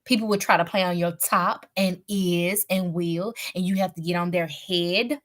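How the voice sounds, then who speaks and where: A young woman giving a casual live recap, chatty and slangy with lots of fillers, clearing her throat from a cough. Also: lowish voice, steady tone, moderate pace, fairly bright tone. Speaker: show reviewer.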